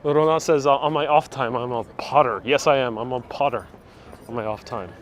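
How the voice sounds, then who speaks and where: Walking outdoors through city streets, a man hosts a casual live-streamed tour, chatting constantly, reading viewer comments aloud and laughing a lot. His medium-pitched voice moves fairly quickly, picked up by a wireless clip-on mic while his phone rides on a gimbal.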